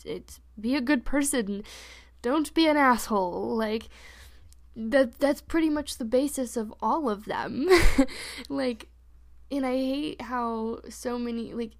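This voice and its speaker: Chatty young woman, candid and animated. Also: on the high side. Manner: candid, animated storytelling with frequent fillers. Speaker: podcast co-host. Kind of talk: casual chat.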